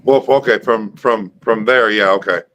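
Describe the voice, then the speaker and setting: A man hosting a casual live stream chat, talking in a relaxed way and often repeating words as he starts his sentences. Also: lowish voice, normal speed, low-quality recording.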